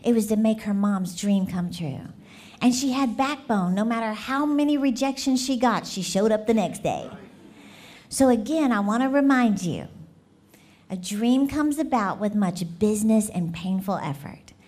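A woman speaking as a guest preacher in a church, telling a story in a lively, animated way, often laughing and asking the congregation questions. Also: mid-range voice, moderate pace.

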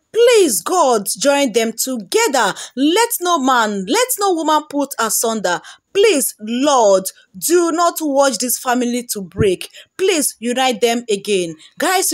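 A Nigerian woman hosts a gossip channel, reading out comments and reacting with dramatic, pleading excitement. Her voice sits high and swings widely up and down as she talks.

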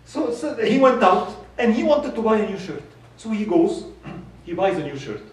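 A man giving a sermon, telling a story with lively acted quotes. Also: high-pitched, normal speed. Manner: animated storyteller, voices quoted speech, laughs. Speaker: khutbah speaker. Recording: echoey hall from far off.

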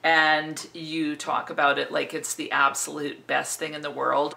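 A woman's voice: deep voice, little pitch movement, unhurried, vocal fry, pushed and bright. A woman giving wry comedic commentary as a fragrance YouTuber. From Canada.

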